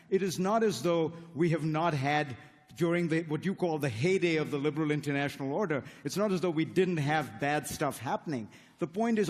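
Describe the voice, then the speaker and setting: A man's voice: on the high side, a little mellow. A man who grew up in India, arguing earnestly in a formal debate before a live audience, stacking points into rhetorical lists. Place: large hall with a live audience. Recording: echoey hall.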